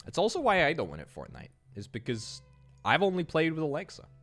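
This Scottish streamer's voice is on the high side, a bit bright and wildly swooping in pitch. Faint music plays as he games and casually answers viewer chat with rapid jokes.

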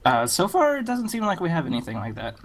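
A man's voice: on the high side, wildly swooping pitch, fast. A man chatting and laughing easily in a gaming voice call. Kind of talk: casual voice chat while gaming.

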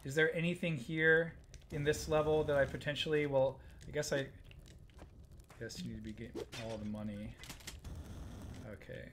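A man's voice: on the high side, steady tone, moderate pace, pauses often, noisy background. A man hosting a live stream, giving casual gameplay commentary, muttering to himself and chatting with viewers as he plays.

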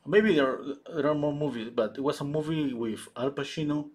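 Male painter, husky voice, halting live-stream chatter with many restarts. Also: a little high. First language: Spanish. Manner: halting, searches for English words, many restarts. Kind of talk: casual chat while painting live.

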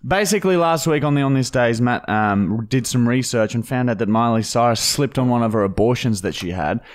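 A man's voice: medium pitch, a little fast. A man co-hosting a crude comedy podcast, swearing freely and mocking a listener's comment. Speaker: podcast co-host.

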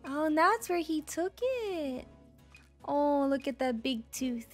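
A woman's voice: high-pitched, slow pace, vocal fry, faint music behind. A young woman giving playful let's-play commentary, bubbly and jokey, squealing and gasping at cute moments. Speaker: gaming video creator.

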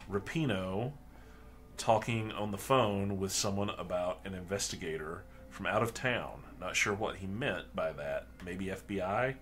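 A man at a tabletop mystery game, reading in-game statements aloud in a steady, measured way. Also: lowish voice, slight background noise.

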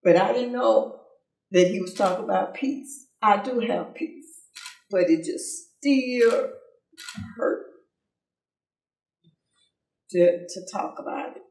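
Slow, tearful older woman. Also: mid-range voice, creaky, a little mellow. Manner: halting, tearful, repeats herself. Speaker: daughter of a civil rights leader. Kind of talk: emotional personal testimony. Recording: roomy sound from far off.

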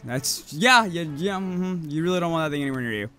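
A man's voice: a little high, animated, brisk, few pauses, pushed and bright, soft background music. A man casually commenting on his video game, swearing, joking and reading game dialogue aloud, sounding slightly sick. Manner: profane, jokey, reads game text aloud. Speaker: gaming video host.

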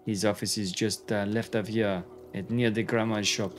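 A man voicing a chatty, helpful male robot in a game, with a put-on French accent and a halting way of speaking. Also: on the low side, level tone, faint music behind, close to an everyday voice. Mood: friendly. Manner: hesitant, halting with filler sounds.

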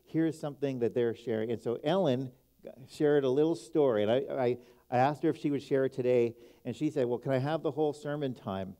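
Mellow-voiced male pastor. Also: medium pitch. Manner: relaxed, halting speech with fillers. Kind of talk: church announcements and introduction.

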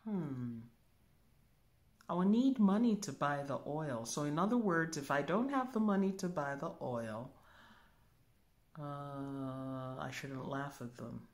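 A woman spiritual teacher giving a calm demonstration, musing aloud and humming softly as she thinks. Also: low-pitched. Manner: slow, musing, thinks aloud with soft hums.

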